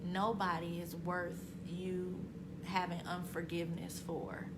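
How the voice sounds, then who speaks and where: A woman's voice: lowish voice, level tone, a little slow, a little hiss or hum. A woman author and motivational speaker giving an inspirational self-help talk, emphatic and repetitive, with casual conversational phrasing that swells into passionate peaks.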